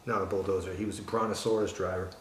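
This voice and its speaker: A man's voice: low voice, flat delivery, fast. A man chatting casually and cracking jokes while he works on a repair at his kitchen counter. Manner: rambling, joking asides. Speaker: electronics restorer. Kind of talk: casual chat while working. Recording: echoey room, faint background hum.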